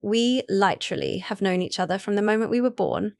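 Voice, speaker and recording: A woman's voice: medium pitch, a little fast, gravelly, dry recording, clean studio sound. A woman narrating a first-person story in a casual, chatty way with asides to the listener.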